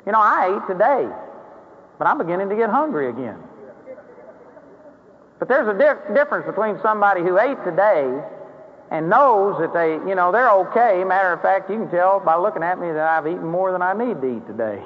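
High-voiced man preaching in a hall. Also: animated, a little fast. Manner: conversational preaching that rises into emphatic acted prayers. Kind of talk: sermon. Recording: dull, hollow-sounding sermon recording with faint hiss.

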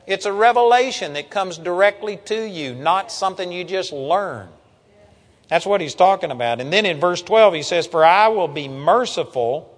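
An older man preaching a sermon with an earnest, homespun warmth, stopping now and then to read Bible verses aloud. His voice sits a touch high for a man. A long reverb trails after his words. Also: animated, moderate pace.

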